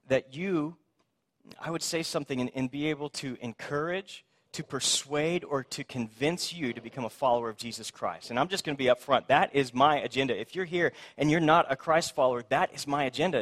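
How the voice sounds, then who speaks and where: Casual-talking male pastor, slightly high voice. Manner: casual, plainspoken storytelling. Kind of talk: conversational sermon. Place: church service.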